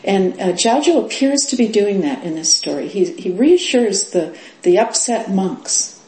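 A middle-aged woman teaching as a Zen teacher in a dharma talk, unhurried, with many fillers and laughs. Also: mid-range voice, lively intonation, warm tone. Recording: roomy echo.

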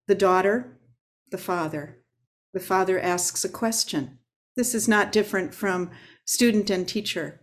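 A woman Zen teacher giving a dharma talk, unhurried and reflective, pausing often on filler sounds. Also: medium pitch, darkish tone.

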